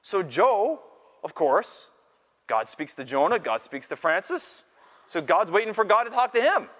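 A middle-aged man giving a live faith talk as a Catholic speaker, telling self-mocking stories to an audience in a large hall and building to loud exclamations. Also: high-pitched, sing-song, a little slow. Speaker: Catholic speaker and Scripture teacher. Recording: dull lo-fi sound with long hall reverb.

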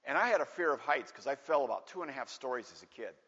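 A man preaching a sermon through a personal story, animated and acting out the voices of the people in it, in a large church hall. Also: medium pitch, fast talker, slightly rough. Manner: animated, acts out voices in stories. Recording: dull echoey hall recording.

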